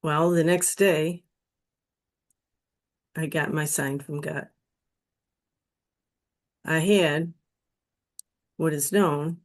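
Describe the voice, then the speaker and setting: Slow-talking woman telling her story. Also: low-pitched. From Western New York State. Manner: slow, emotional, pleading when quoting her prayers. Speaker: guest telling her near-death experience story. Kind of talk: personal testimony storytelling.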